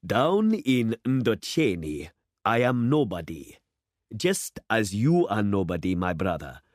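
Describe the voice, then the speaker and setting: A man's voice: lowish voice, big pitch swings, slow pace, no room sound. A man voicing a worldly, boastful middle-aged city man who speechifies with rising fervor, in a dry, close storybook reading. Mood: fervent. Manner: expansive, speechifying, rising to oratory.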